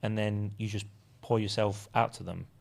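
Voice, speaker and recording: A man, a relaxed interview guest who laughs often and hesitates with ums. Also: on the low side, normal speed, gravelly. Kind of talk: casual interview.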